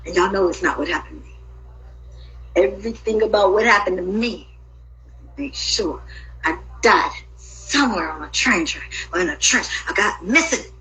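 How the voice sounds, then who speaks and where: A woman in an emotional personal monologue, talking in an agitated, profane and rambling way with sudden loud outbursts. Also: medium pitch, lively intonation, moderate pace, a little hiss or hum, low-quality recording.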